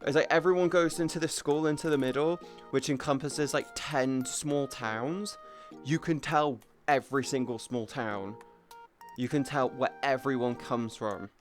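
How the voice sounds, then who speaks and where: A young man rambles through a casual stream chat, tripping over his words and circling back to restart his sentences. His voice sits at an ordinary middle pitch, with faint music playing underneath. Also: normal speed. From England, near Bristol. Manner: rambling, self-interrupting, chatty. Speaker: livestreamer.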